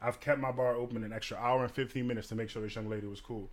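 A man and bartender telling stories in a casual chat, animated and profane, acting out what others said. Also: medium pitch, very fast. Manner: animated, profane, acts out quotes with big swings. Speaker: podcast co-host and bartender.

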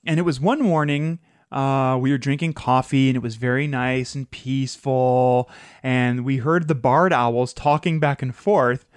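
A podcast host in casual chat, an animated storyteller who likes to mimic sounds. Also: medium pitch, unhurried, smooth, no room sound.

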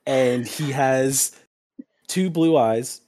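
A man narrating as game master of a tabletop game in an unhurried way, with many fillers. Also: medium pitch, a little mellow.

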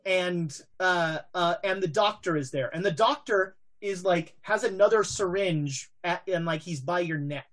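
A woman's voice: lowish voice, a little slow, few pauses. A woman narrating a tabletop game as game master, hesitant and full of fillers.

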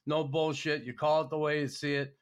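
A man's voice: a little high, little pitch movement, brisk. A man hosting a podcast, talking casually, gushing with respect for his guest, swearing and repeating himself. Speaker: podcast host.

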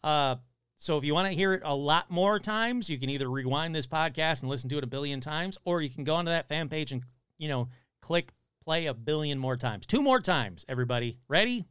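An excitable man hosts a live paranormal podcast in a casual, chatty way, reading out comments from his listeners. His voice sits fairly high and comes across smooth and resonant. The sound is dry and close, with no room echo. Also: fairly quick. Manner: excitable, casual, swears a lot.

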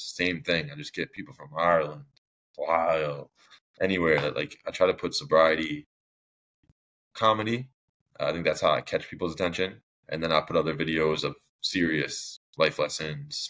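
A man's voice: extremely low pitch, fairly bright tone. A young man telling his story as a podcast guest, rambling and filling his talk with "like". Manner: rambling, heavy use of "like", long-winded. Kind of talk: casual storytelling in an interview.

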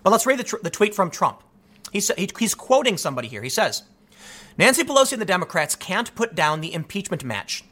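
A man delivering solo political commentary, talking in rapid bursts with frequent restarts. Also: sits high. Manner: animated, rapid-fire talk with frequent restarts.

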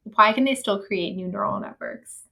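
A woman's voice: mid-range voice, normal speed, gravelly, sharp tone. A woman co-hosting a podcast, chatting casually, incredulous and laughing, with lots of fillers. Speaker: podcast co-host. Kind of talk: casual chat.

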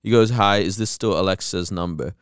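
Male podcast co-host, low and smooth, casual banter and steady read-aloud, dry close sound. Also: fairly quick, no echo. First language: Arabic. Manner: reads a long message aloud in an even, steady way.

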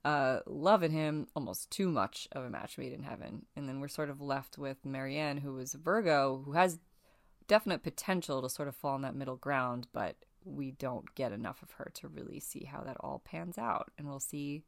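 A woman's voice: rumbling low, normal speed, creaky, dry recording, clean studio sound. A woman co-hosting a podcast, chatting casually and laughing often. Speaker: podcast co-host. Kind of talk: casual chat.

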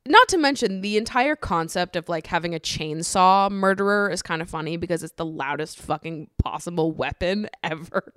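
Lowish smooth woman rambling casually. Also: expressive, normal speed, hardly any pauses, fairly bright tone, no echo, clean studio sound. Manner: chatty, swears freely, laughs often. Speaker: podcast host.

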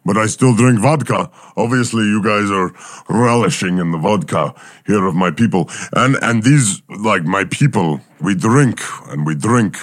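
A man voicing a gruff male talking bear, a failed war experiment, in an improvised comedy podcast. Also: fairly low pitch, measured pace, no room sound, clean studio sound.

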